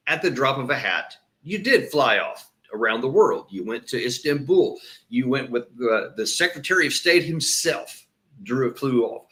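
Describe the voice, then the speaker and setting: A man's voice: medium pitch, fairly bright tone. Emphatic man commenting. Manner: emphatic, repeats words when stressing a point; breaks off sentences and restarts, says "uh". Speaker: host and commentator. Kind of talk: solo political commentary with played clips.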